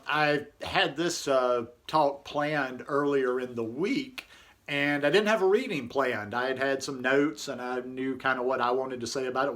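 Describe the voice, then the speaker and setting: A man hosting his own daily channel, chatting casually from home and then reading an article aloud slowly. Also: medium pitch. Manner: relaxed and conversational, reads slowly and deliberately. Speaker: vlog host. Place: home, indoors.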